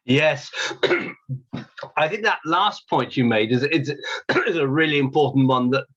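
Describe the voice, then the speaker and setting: A fairly high-voiced man hosts a casual interview and picks his words hesitantly, with lots of pauses and restarts. His voice comes through a dull, lo-fi recording. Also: fairly bright tone. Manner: hesitant, many fillers and restarts, clears throat. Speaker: podcast host. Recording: dull lo-fi sound.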